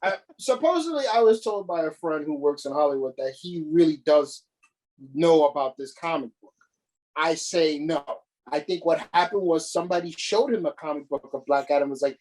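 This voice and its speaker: A man's voice: on the high side, expressive, normal speed, a little mellow, low-quality recording. A man co-hosting a podcast, ranting in casual chat with plenty of profanity and exasperation. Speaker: podcast co-host.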